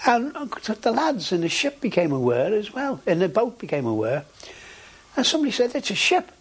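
Husky older man recounting. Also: high voice, moderate pace. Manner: animated storytelling with frequent hesitations. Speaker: interviewee. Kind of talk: oral history recollection.

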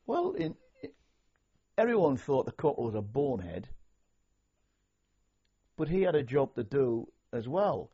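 An older man from north-east England, an army veteran, recalling his service in a measured, anecdotal way for an oral history interview. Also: medium pitch, wildly swooping pitch, mellow, breathy edge. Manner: measured, anecdotal, slow when quoting orders. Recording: dull lo-fi recording.

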